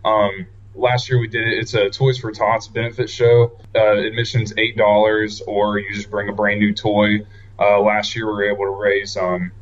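Flat-voiced man with hesitant fillers. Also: lowish voice. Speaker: interview guest. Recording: dull lo-fi audio.

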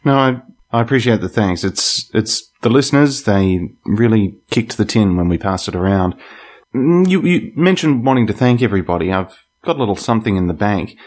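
Podcast host guy, kinda low voice, talks slow and measured. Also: animated, darkish tone. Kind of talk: casual interview.

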